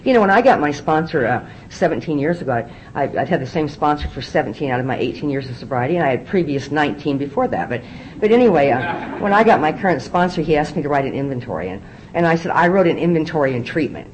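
Middle-aged lady at a podium spilling her recovery story, low voice, rattles along quick, faint rumble behind. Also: lively intonation, poor audio. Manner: candid, storytelling, repeats words on restarts. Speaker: recovery meeting speaker. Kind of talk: personal testimony talk. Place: meeting hall podium.

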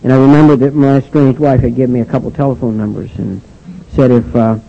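An older man giving a personal testimony speech about his recovery, halting and restarting often with "and, uh". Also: medium pitch, fairly even intonation, creaky. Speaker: speaker sharing his recovery story. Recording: dull lo-fi recording.

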